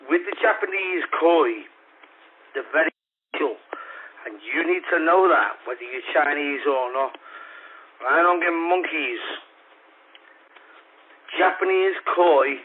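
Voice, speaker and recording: Slow rambling man on a tinny radio. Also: fairly high pitch. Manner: rambling, taunting, sing-song. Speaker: amateur radio operator. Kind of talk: rambling solo radio calls. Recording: tinny radio transmission, faint noise.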